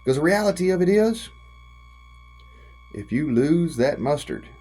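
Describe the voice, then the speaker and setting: A man's voice: on the high side, big pitch swings, dark tone, poor audio. A man from the United States, giving an impassioned direct-to-camera rant in a folksy, profane way. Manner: folksy and profane, drawn-out emphatic phrasing. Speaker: vlogger.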